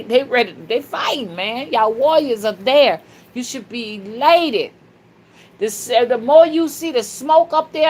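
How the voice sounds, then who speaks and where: A woman hosting a spiritual livestream, talking fervently and casually to her viewers, with sudden loud shouts. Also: on the high side. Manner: casual and slangy, calls listeners "y'all" and "honey". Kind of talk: livestream talk reading viewer comments.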